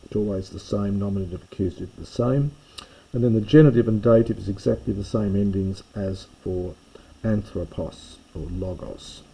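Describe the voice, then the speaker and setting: A man's voice: lowish voice, moderate pace, creaky, warm tone, slightly rough, low-quality recording. A man giving a recorded grammar lesson, explaining step by step with small self-corrections. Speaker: Greek teacher.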